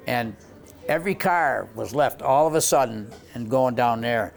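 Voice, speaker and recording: A man's voice: medium pitch, moderate pace, gravelly, soft background music. An older man who runs a tavern, telling old stories in a rambling way, full of restarts and "you know". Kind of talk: rambling spoken anecdotes.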